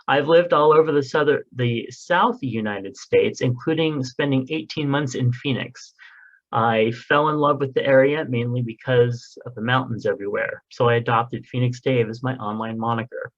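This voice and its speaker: A man's voice: medium pitch, fairly bright tone, highs cut off. A man co-hosting a casual podcast, reading listener mail aloud in a loose, joking way with the odd swear. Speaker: podcast co-host.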